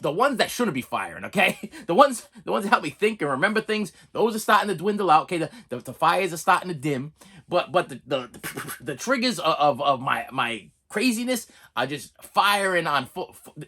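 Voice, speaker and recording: A man with a husky, slightly breathy voice rambles through a casual monologue for his movie channel. His pitch swings up and down a lot as he stumbles over repeated words, restarts his sentences and chuckles as he goes. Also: sing-song, normal speed, sharp tone. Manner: chuckles between phrases. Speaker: movie review channel host.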